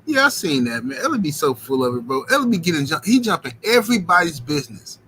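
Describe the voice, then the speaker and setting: A man's voice: fairly high pitch, very animated, fast talker, pushed and bright, a little hiss or hum, rough recording. A man hosting a boxing livestream, rambling in slangy casual chat and filling it with "you know what I'm saying.".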